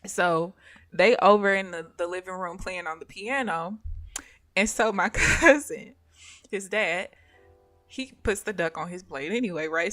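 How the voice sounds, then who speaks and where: A woman with a mid-range voice hosts a live stream, animatedly telling her chat a casual story. She laughs often and acts out the voices of the people she quotes.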